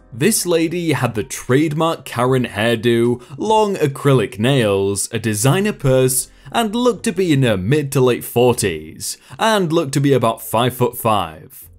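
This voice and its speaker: A man narrating a first-person story with wry humor. His pitch moves a lot, keeping the telling animated. Soft music sits quietly behind his voice.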